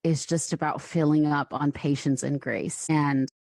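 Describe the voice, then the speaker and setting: A woman's voice: low voice, fairly even intonation, a little slow, a little mellow, no echo, clean studio sound. A woman in her thirties, a songwriter and author guesting on a podcast, telling stories animatedly with laughs. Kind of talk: casual interview chat.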